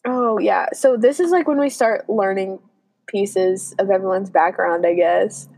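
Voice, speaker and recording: A woman's voice: medium pitch, measured pace, gravelly, darkish tone. A young woman co-hosting a casual chat, talking freely and slipping into exaggerated voices when quoting people. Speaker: podcast co-host.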